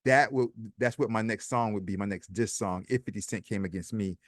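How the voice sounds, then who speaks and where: In clean studio sound with no echo, a vlog host with a fairly low voice talks a little fast. He reads posts aloud and comments on them in a chatty, sarcastic, repetitive way during this casual commentary.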